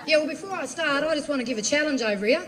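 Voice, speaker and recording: A woman's voice: high voice, animated, rapid-fire. An Australian woman from Western Australia giving an impassioned, confrontational protest speech at an outdoor rally. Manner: forceful, confrontational, repetitive emphasis. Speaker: rally speaker. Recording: crowd noise around a rally. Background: crowd.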